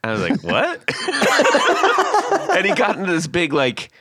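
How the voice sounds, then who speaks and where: A man hosting a podcast, chatting casually and telling stories in a jokey, animated way. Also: high-pitched, takes it slowly, heavy background noise. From California. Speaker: podcast host. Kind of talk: casual chat.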